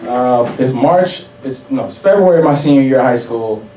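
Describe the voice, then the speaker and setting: A young man from New York City telling a personal story on stage, profane and animated. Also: medium pitch, normal speed. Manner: profane, animated, laughing audience reactions. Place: stage before a live audience. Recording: roomy hall, mic at a distance. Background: audience laughter.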